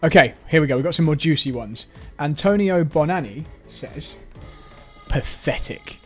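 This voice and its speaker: A streamer reads out viewer comments in a fairly high voice, pausing for dry, wry remarks. Faint music runs underneath. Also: male voice, expressive. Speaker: live-stream host. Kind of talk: live-stream chat reading.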